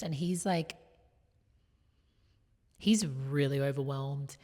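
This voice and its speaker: A young woman vlogger telling a personal story in a chatty confessional way, full of "like" fillers, swinging between loud and hushed. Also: low-pitched, moderate pace, pauses often. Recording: long hall reverb.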